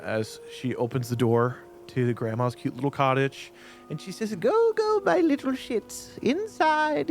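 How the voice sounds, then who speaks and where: A man's voice: medium pitch, slight background noise. Man narrating a tabletop game. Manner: relaxed storytelling with fillers. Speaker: game master.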